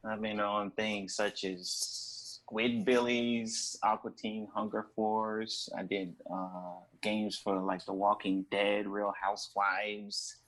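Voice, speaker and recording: A man with a fairly low voice, interviewed as a guest artist. He talks in a relaxed, playful way and laughs easily. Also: slow pace, hardly any pauses, low-quality recording. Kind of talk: casual interview.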